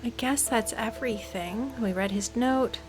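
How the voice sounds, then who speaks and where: A woman's voice: a little high, a little slow. A woman gamer giving playful, dramatic let's-play commentary. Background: game music.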